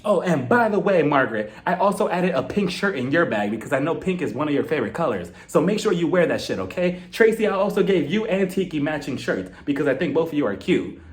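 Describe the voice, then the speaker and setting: A man's voice: a little high, sing-song, fast talker, hardly any pauses. A man voicing a frantic woman who rambles on, promoting her merchandise and repeatedly announcing that she's leaving. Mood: flustered.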